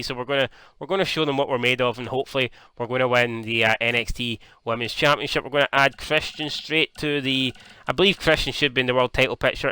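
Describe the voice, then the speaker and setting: A young man from Scotland giving casual, jokey commentary on a wrestling video game, swearing freely and getting excited. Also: mid-range voice, clean tone, no echo. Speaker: gaming YouTuber.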